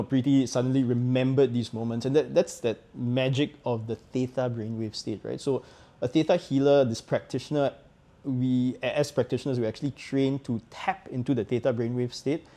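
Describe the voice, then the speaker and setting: A man with a mellow, darker voice at a middle pitch talks through his practice on a talk show. He explains things casually, with easy conviction. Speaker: co-host and practitioner.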